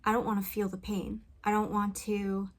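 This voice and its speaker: Her mid-range voice barely moves in pitch as she talks at a moderate pace, a musician and creator musing hesitantly in a personal vlog. The setup is a home vocal booth with a studio condenser mic and pop filter.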